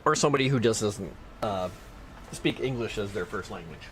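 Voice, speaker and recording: A man's voice: lowish voice, lively intonation, a little fast, background noise. A man streaming a video game, chatting casually with viewers, reading out loot and skill text and teasing his chat. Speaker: livestreamer. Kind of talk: casual gameplay commentary.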